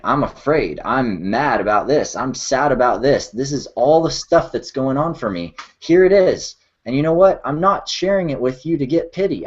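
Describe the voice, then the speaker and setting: A man leading a guided emotional check-in, speaking slowly and softly with frequent sighs and open feeling. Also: mid-range voice, breathy edge. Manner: slow, soft, sighing, emotionally open. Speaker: workshop leader. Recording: dull lo-fi sound.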